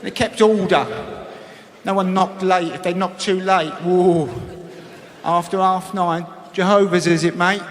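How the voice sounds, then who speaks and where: A man performs stand-up on a big theatre stage, blunt and sweary in his banter. His voice sits a little high and carries a long echo from the hall. Loud crowd noise sits under every line. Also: steady tone, slow. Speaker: stand-up comedian. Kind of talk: stand-up routine. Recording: echoey live hall, loud audience.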